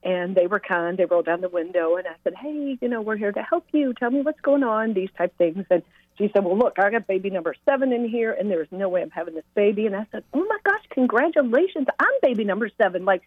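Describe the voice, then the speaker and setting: A woman calls in to a radio show and tells her stories with lively energy. Her voice is middle-pitched and jumps up when she quotes the people she has helped. The line is tinny and dry, like a telephone. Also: fast talker, no room sound. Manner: animated storyteller, voices quoted speech brightly. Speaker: pregnancy center director. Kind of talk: call-in radio storytelling.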